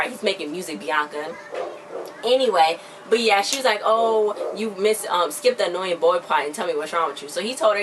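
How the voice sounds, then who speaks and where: Fast-talking young woman, chatty and excitable. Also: fairly low pitch. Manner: chatty, excitable, slangy, acts out characters' lines. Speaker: vlogger reviewing a TV episode. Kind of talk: casual recap chat. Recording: a bit distant from the mic, faint background noise.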